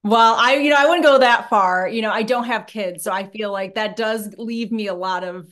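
A woman who is a guest on a podcast, speaking at a mid pitch for a woman. She talks modestly and chattily, and often pauses with fillers as she thinks. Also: a bit bright. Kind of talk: casual interview chat.

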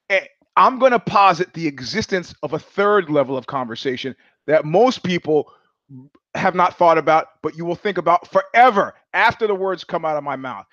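Brief: male host on a livestream, rambling storyteller, voice a bit higher than usual, dry and slightly dull audio. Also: a bit bright, no echo. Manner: rambling storyteller with many restarts and quoted asides. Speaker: show host. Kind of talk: casual livestream monologue.

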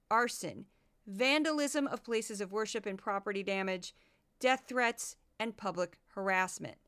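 A woman's voice: on the high side, fairly bright tone, clear, resonant tone. A woman hosting a political commentary podcast, talking in an indignant, sarcastic way. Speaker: podcast host.

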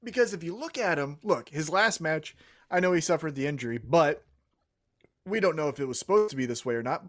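Man, podcast co-host, casual chat, opinionated, animated, swooping pitch. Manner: animated, opinionated, fast-talking.

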